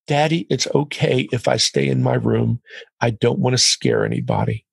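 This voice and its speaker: A man's voice: mid-range voice, moderate pace, vocal fry, husky, dry recording. A middle-aged man, a podcast guest, telling a story in conversation, acting out the lines of others as he goes. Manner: animated, quotes others in dialogue.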